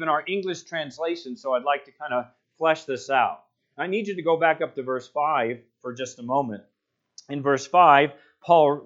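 Casting: a man as a pastor preaching, emphatic and a touch high-pitched, dull lo-fi sound. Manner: emphatic, builds to loud passionate peaks then drops low. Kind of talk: sermon.

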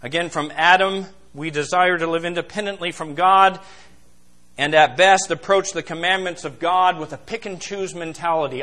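High, bright-voiced pastor preaching emphatically. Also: male voice, normal speed. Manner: emphatic, swings between loud and hushed; addresses congregation as beloved, asks questions. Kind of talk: sermon.

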